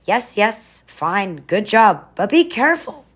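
A woman's voice: medium pitch, big pitch swings, takes it slowly, a bit bright, husky, pitched above the performer's own voice, heavily acted. A woman voicing a nervous, anxious young boy in a storybook reading, worried and pleading.

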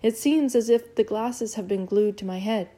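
A woman's voice: a little high, moderate pace, warm tone, lightly acted. A woman voicing a wordy, formal young boy. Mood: earnest. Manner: elaborate, overly formal phrasing.

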